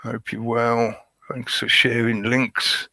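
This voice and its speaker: Man, livestream host, rambling casual talk, crisp bright tone. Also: medium pitch, flat delivery, slow pace, no echo. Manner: rambling, conspiratorial, chuckles at his own jokes.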